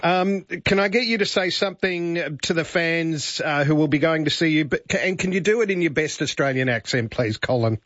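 A man hosting a radio interview, brisk and enthusiastic. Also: fairly high pitch, a bit bright, no room sound, dull audio. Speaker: radio host.

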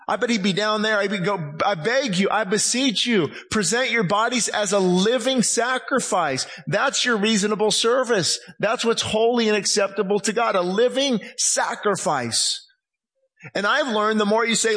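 A man's voice: high-pitched, a bit bright. A man preaching a sermon as pastor, impassioned, acting out the voices he quotes.

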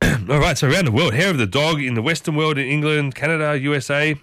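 A man's voice: on the high side, quick pace, a bit bright, a little hiss or hum. A man hosting a casual talk, chatting to his listeners and often turning to ask them questions. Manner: chatty, asks the audience many questions. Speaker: host.

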